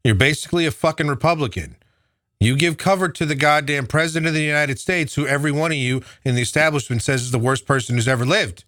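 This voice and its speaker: A man's voice: a little high, fairly quick, a bit bright, no echo, studio quality. A man delivering an angry, profane political rant, heated and sneering. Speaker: political commentator.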